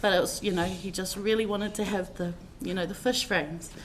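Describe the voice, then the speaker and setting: A woman's voice: mid-range voice, steady tone, a little fast, slight background noise. A woman telling personal stories in a heartfelt, rambling eulogy, with many fillers as she speaks. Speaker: family member giving a tribute at a funeral service.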